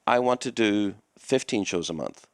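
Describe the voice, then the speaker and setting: A lowish-pitched man spins a winding story, stopping to act out what everyone said. His voice sits dry and close, with no room around it. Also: expressive, moderate pace, clean tone, no room sound. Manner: rambling anecdotes, acts out quoted dialogue. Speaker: comedy club owner, podcast guest. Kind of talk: conversational storytelling.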